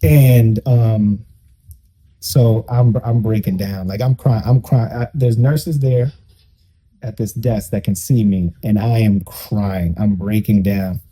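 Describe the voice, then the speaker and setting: A man's voice: on the low side, slow pace, mellow, breathy edge. A young man at a church conversation telling a personal testimony in an emotional, vivid way, acting out the people in it. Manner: emotional, vivid storytelling that acts out the people involved. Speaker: guest.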